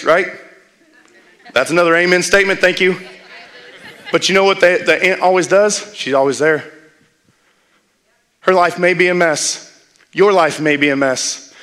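A man's voice: fairly high pitch, fairly bright tone. Man, pastor, sermon, conversational storytelling, emphatic build-ups.

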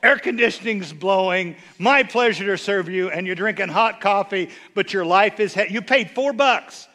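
A man's voice: high-pitched, normal speed, pushed and bright. A man preaching a sermon as a bishop, folksy and humorous, telling stories that build to emphatic bursts.

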